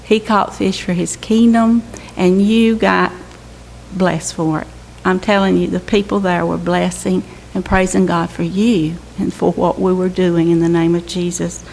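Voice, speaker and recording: Gravelly older woman testifying. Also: on the low side, little pitch movement, a little slow, a little mellow. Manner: earnest, exhorting. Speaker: mission team member reporting to her church. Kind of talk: church testimony. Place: church sanctuary. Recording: echoey church hall with faint hiss.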